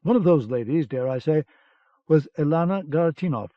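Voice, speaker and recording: A man reading an audiobook, voicing a measured, superior young British intelligence captain in a dull old recording. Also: on the high side, expressive, no echo, natural voice. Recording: dull cassette-era audiobook sound.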